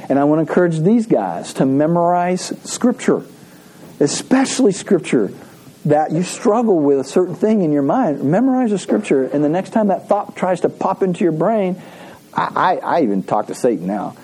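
A man's voice: a little high, sing-song, normal speed, mellow, slightly rough, poor audio. A man preaching a conversational sermon to his congregation. He repeats key phrases and asks the room to read scripture aloud with him. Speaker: pastor. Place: church service.

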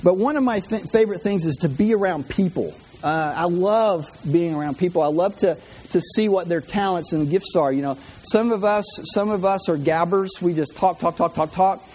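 Chatty high-voiced preacher. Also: male voice, normal speed, darkish tone, slightly rough. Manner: chatty, repeats words, jokey asides. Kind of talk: humorous sermon.

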